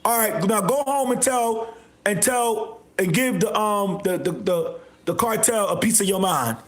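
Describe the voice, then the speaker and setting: A man hosting a livestream, delivering a repetitive, confrontational rant with bursts of shouting. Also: sits high, unhurried. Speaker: livestream host. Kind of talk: ranting livestream monologue. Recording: echoey room.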